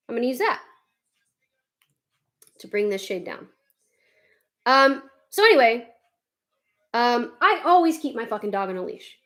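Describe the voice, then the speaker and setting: Young woman vlogger, slightly high voice, rambling tutorial chatter, salty language. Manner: rambling, swears freely, gets heated. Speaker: vlogger doing a makeup tutorial. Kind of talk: casual chat while doing makeup.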